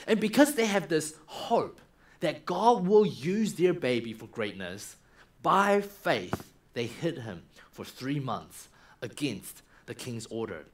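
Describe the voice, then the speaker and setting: Male minister, storytelling sermon, animated, higher voice, acts out the story. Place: church.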